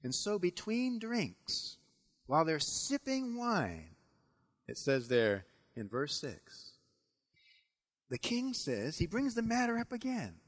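A man preaching a sermon who retells a biblical story with dramatic flair. His pitch sits a touch high and swings widely, swelling loud on key moments and dropping low for emphasis. He addresses the congregation directly with questions. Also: huge pitch swings, slow pace. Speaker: pastor.

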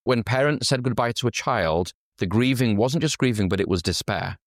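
Pastor type from Yorkshire, relaxed sermon delivery, poses questions to the audience, dry recording. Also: male voice, medium pitch, moderate pace, dry recording. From Yorkshire, England. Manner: conversational, asks the audience questions.

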